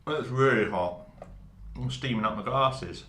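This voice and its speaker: A man's voice: medium pitch, unhurried, a bit bright. A man chatting casually on a hobby live stream, joking and eating as he talks, without a lav mic. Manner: chatty, jokey, laughing between bites. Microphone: no lav mic, room mic. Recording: echoey room, faint background noise.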